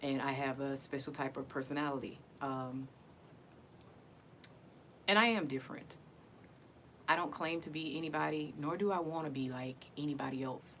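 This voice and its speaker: Middle-aged woman, low voice, rambling heartfelt vlog talk, noise behind her. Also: rough recording. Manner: chatty, emotional, repeats herself. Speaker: vlogger. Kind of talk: casual personal vlog.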